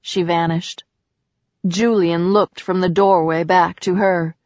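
Woman narrator, soft and expressive, slow read, dry dull mic sound. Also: on the low side, no room sound. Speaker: audiobook narrator. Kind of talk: scripted narration of a romance novel. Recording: slightly dull dry recording.

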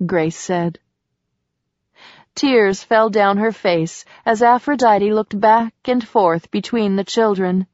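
Woman, audiobook narrator, slow, measured, dull lo-fi sound. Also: mid-range voice, darkish tone, no echo. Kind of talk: scripted narration.

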